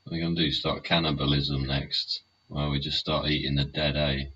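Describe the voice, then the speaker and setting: A man's voice: very deep voice, level tone, brisk, sharp tone. A man hosting a live solo show from home, rambling, swearing a lot and tagging his points with questions. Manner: heavy swearing, tag questions. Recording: muffled lo-fi sound, faint hiss.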